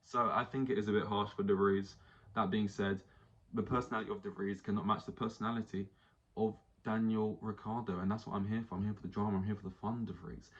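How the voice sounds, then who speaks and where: Male podcast host, casual animated rant, slightly low voice, dull lo-fi mic. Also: fast. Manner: animated, does mock voices for quotes.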